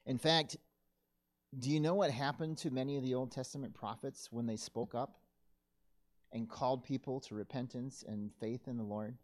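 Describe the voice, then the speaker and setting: A male pastor delivering a sermon in an earnest, measured way, sometimes correcting himself mid-sentence. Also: mid-range voice, steady tone. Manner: earnest, measured preaching with occasional self-corrections.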